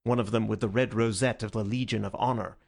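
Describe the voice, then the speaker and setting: Gravelly male audiobook narrator. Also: on the low side, steady tone, quick pace, darkish tone. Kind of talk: scripted narration.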